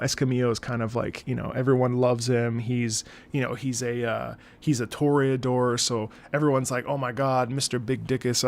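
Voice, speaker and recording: A man's voice: mid-range voice, gravelly. A man streaming and chatting casually with viewers, rambling, laughing often and swearing freely. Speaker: streamer reacting to music. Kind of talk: casual live-stream chat.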